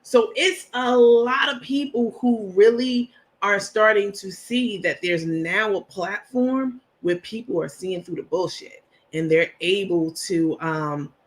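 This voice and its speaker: Casting note: woman host, chatty and laughing, casual livestream chat. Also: mid-range voice. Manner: chatty, greets viewers by name, laughs often.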